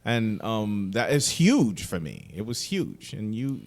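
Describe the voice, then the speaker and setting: A man, a musician guest on a podcast, reminiscing in casual chat, reflective and halting with lots of fillers. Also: on the low side, huge pitch swings, gravelly.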